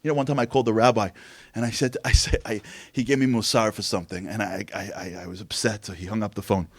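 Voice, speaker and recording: A man giving a religious motivational talk, telling stories in an animated way and acting out voices. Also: fairly low pitch, quick pace, no echo. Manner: animated storytelling, acts out voices. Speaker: speaker.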